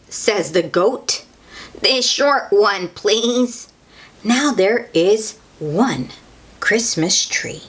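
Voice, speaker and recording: Storytime reader: young woman, breathy, unhurried, very lively pitch, coaxing small kids along. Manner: gentle, animated, exclaiming to young listeners. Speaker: children's book reader. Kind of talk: read-aloud storytime.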